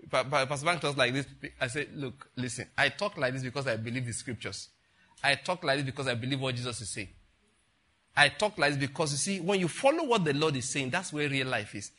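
A man's voice: a little high, bright, forceful tone. An older man, a pastor giving a chatty, rambling sermon full of rhetorical questions to the congregation. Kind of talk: conversational sermon.

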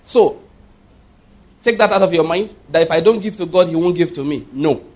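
A man's voice: on the high side, moderate pace, darkish tone. A man in his fifties preaching a sermon with emphasis, repeating his points and checking that listeners follow.

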